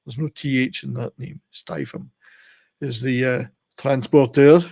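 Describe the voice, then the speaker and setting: An older man talks through a relaxed live stream in a meandering, chatty way, often chuckling at his own jokes. His voice sits at an ordinary middle pitch with a gravelly, creaky edge. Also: moderate pace. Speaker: channel host. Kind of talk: casual live-stream chat.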